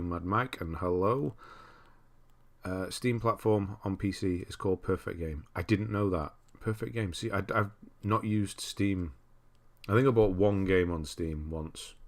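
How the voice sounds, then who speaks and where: A man from Britain hosting a casual livestream, chatting and greeting viewers by name. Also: lowish voice. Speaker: livestream host. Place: cold room at home.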